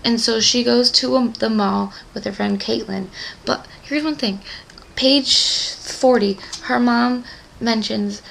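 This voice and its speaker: Young woman vlogger, a gravelly book-club fan, rambling and gushy, for casual chat. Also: a little high, steady tone, a little slow, a bit bright, a little hiss or hum, rough recording. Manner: rambling, chatty, heavy on "like" and "um"; gushing fan enthusiasm.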